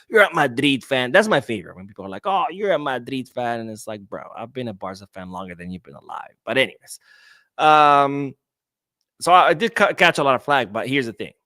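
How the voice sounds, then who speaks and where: A blunt young man hosting a casual podcast, talking freely and swearing as he pushes back on viewer comments. His voice sits in a middle pitch. The sound is dry and close, with no room echo. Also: sharp tone. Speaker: podcast host.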